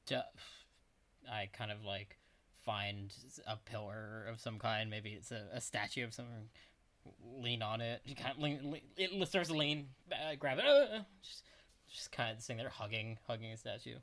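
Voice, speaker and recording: A man playing a tabletop role-play game, speaking in character, hesitant and soft with mumbled restarts. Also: mid-range voice, moderate pace. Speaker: player.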